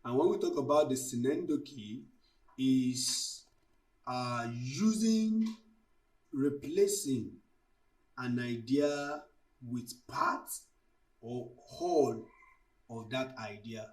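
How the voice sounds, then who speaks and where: A male tutor gives a slow, measured lecture and walks through each example step by step. His voice sits at an ordinary middle pitch. It sounds a little distant, as if he is standing some way back from the microphone. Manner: deliberate, explains terms with worked examples. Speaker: literature tutor. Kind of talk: exam-prep lecture.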